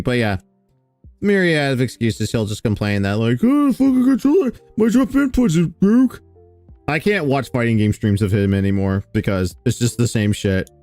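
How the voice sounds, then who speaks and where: A man's voice: mid-range voice, no room sound. A man hosting a stream, chatting casually and sardonically while reacting to clips. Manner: relaxed, rambling, sardonic with fillers. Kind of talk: casual commentary over clips.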